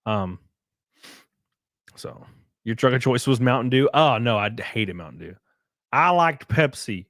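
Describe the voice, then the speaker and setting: Young Southern man, casual streamer, laughs a lot, cusses, close dry sound, average pitch. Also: lively intonation, a little slow, a bit bright, no room sound. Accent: Southern US (Alabama). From rural Alabama. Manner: rambling, laughs often, swears freely. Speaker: livestreamer and race car driver. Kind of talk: casual livestream chat reading viewer comments.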